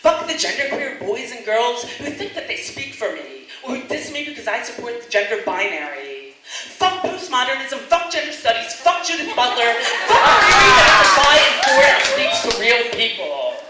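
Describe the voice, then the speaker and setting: A woman's voice: a little high, wildly swooping pitch, normal speed, background noise, pitched above the performer's own voice. A woman voicing a brash trans woman poet with a thick Brooklyn accent, belting out a defiant rant. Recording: very echoey room.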